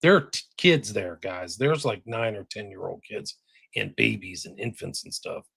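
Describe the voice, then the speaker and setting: A man's voice: fairly low pitch, normal speed, gravelly, fairly bright tone, breathy edge, no echo, clean studio sound. A man speaking as a podcast guest, emphatic and full of "like"s. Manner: emphatic, peppered with "like". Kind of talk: casual podcast conversation.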